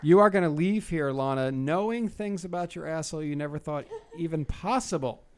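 A man's voice: fairly high pitch, a little fast, darkish tone, smooth. A man co-hosting a podcast in a studio, swearing and exclaiming in crude banter. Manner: profane, exclamatory. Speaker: podcast co-host.

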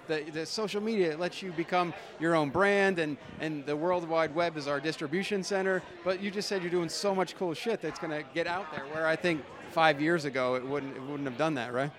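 A man's voice: a little high, fairly quick, hardly any pauses, a crowd in the background. A man hosting a podcast at an expo, chatting and joking loosely with guests and often restarting his sentences. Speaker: podcast host interviewing at an expo. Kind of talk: casual interview chat.

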